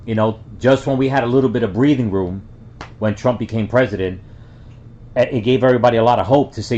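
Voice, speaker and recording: A man's voice: medium pitch, fast talker, a little mellow, slight background noise. A man from the Bronx giving casual reaction commentary, rambling with many fillers and restarts. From the Bronx, New York. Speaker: reaction video host. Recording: dull lo-fi sound.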